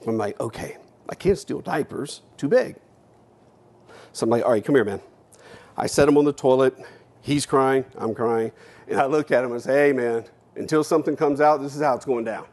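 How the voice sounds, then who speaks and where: A man from the United States giving a keynote speech. He tells a personal story bluntly, with casual swearing, and swings between hushed and emphatic delivery while acting out his own past words. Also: medium pitch, normal speed. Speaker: keynote speaker. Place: stage at a university event.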